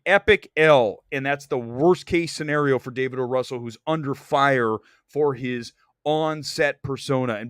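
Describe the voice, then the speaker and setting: A man hosting a casual movie talk livestream, rambling and animated, slipping into quick impressions. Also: mid-range voice, no room sound, studio quality. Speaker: host of a movie talk stream.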